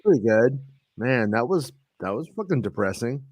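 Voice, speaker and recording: A man's voice: medium pitch, big pitch swings, moderate pace, a little mellow, no echo. A man hosting a podcast in loose, casual chat, swearing freely and laughing easily. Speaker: podcast host.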